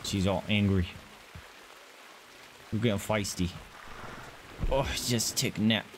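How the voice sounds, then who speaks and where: A man's voice: on the low side, fairly even intonation, takes it slowly, noisy background. A man commenting on his own playthrough of a zoo game, who gushes over the animals in baby talk and mutters to himself through the menus. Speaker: gaming channel host.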